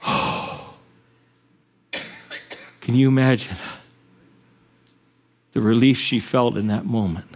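A man's voice: mid-range voice, steady tone, slow, long pauses. A male pastor preaching a sermon, retelling a story animatedly and acting out its characters.

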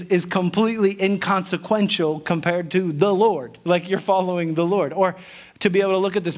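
Earnest higher-voiced man preaching. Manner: earnest, conversational preaching with frequent restarts. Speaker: pastor. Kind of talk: sermon.

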